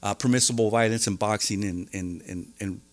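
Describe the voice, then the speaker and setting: A man, a podcast guest, telling his story openly in an animated way, with many restarts, acting out the voices of the people he quotes. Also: fairly low pitch, a little fast. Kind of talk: candid storytelling interview.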